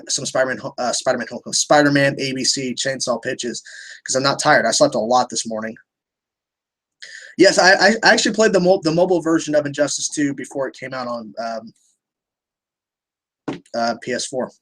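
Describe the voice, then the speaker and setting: Fielding viewer questions on a laid-back livestream, this young man has a mid-range voice with a fairly bright tone. He wanders as he talks, often starting sentences over and cursing without restraint.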